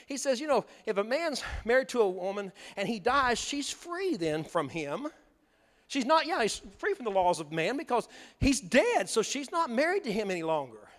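A man's voice: extremely high pitch, very animated, normal speed. A male pastor, preaching a sermon in a folksy, emphatic way in a church sanctuary. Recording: long hall reverb.

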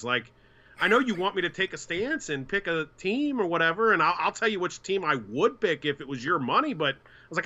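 A man's voice: on the high side, sing-song, a little fast, pushed and bright, lo-fi sound. A man co-hosting a casual sports podcast, who tells stories and acts out the voices of the people he quotes. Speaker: podcast co-host.

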